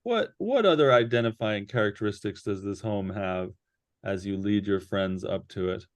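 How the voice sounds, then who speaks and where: A man narrating a tabletop role-playing game as game master, halting and full of fillers. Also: fairly low pitch, lively intonation.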